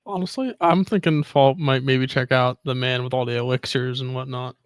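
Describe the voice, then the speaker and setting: A man's voice: mid-range voice, steady tone, normal speed, clear, resonant tone, dry recording, studio quality. A man playing in a tabletop game, talking casually and hesitantly. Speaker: player.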